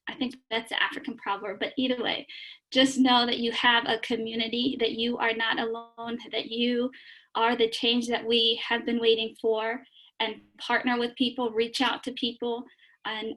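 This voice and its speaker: A woman's voice: on the high side, fairly bright tone. A woman panelist giving emphatic, uplifting closing remarks on a video call.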